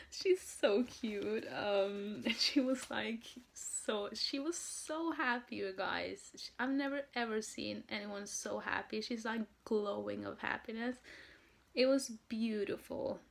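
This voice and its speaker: A young-sounding woman tells a personal story for her vlog, gushing and excitable, with a voice a touch higher than most. Her tone carries a noticeable gravelly fry, and her sentences trail into "like" and "um". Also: slow pace. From Norway. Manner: gushing, excitable, heavy use of "like" and "um". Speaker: vlogger.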